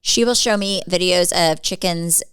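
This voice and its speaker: A woman in her forties co-hosting a podcast, telling animated stories in casual chat and acting out other people's lines. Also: on the low side, a little slow, clear, resonant tone, dry recording. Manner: animated storyteller acting out quotes. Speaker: podcast co-host.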